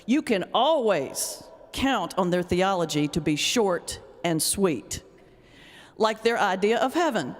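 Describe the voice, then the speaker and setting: Speaking slowly at a medium pitch with lively intonation, this middle-aged ordained minister from North Carolina delivers a comic lecture blended with stand-up. Her teasing, joking storyteller's style plays to a live audience in a big hall. The long reverb of a lecture hall colors the recording.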